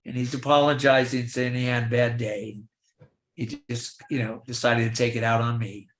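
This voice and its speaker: Older man telling animated stories, roomy sound. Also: medium pitch, moderate pace. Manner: lively anecdotes, acts out quoted dialogue. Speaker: guest, veteran film extra. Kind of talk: storytelling in a virtual Q&A. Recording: roomy echo.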